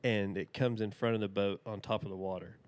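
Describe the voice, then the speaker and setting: A man's voice: lowish voice, fairly even intonation, a little fast, a little mellow. A man in his thirties, a podcast guest telling a rambling, folksy story and laughing often. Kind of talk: casual storytelling.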